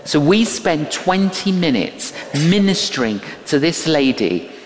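An older man preaches with a high, swooping voice. He takes his time, leaning into each phrase and acting out the people in his stories. His words ring out with the long reverb of a large hall. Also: unhurried, slight background noise. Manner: animated, emphatic, acts out quoted voices. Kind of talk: sermon with storytelling.

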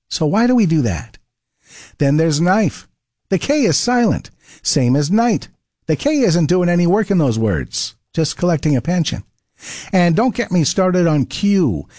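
A man's voice: on the high side, a little mellow, dry recording, studio quality. A man with a Canadian accent delivering a wry, playful scripted radio segment. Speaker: radio host.

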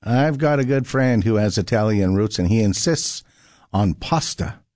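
A man's voice: lowish voice, normal speed, no room sound. A man hosting a morning radio show, reading farm news and chatting in an upbeat way. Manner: upbeat, lively delivery. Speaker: radio host.

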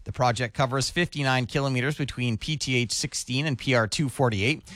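Guy reading the local news on radio, steady and even, dry studio sound. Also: mid-range voice, no room sound. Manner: steady, measured news delivery. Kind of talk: scripted newscast reading.

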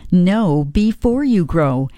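A woman announcer reading a scripted station announcement in a measured, calm way. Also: on the low side, no echo, soft background music.

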